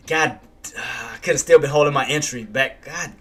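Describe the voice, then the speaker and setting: A man's voice: a little high, animated, a little slow, pauses often, sharp tone. A man doing casual live trading commentary, who swears at himself and keeps talking himself down. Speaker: day trader streaming live commentary.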